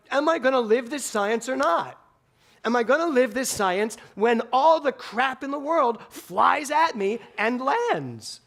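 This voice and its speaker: A male minister giving a Sunday talk in a spiritual center, telling an animated story with bursts of laughter. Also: extremely high pitch. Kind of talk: sermon storytelling.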